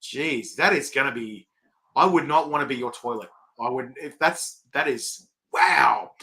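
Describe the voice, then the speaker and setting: A middle-aged Australian man hosting a casual live-stream interview, rambling excitably and reading viewer comments aloud. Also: medium pitch, measured pace, gravelly. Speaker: host.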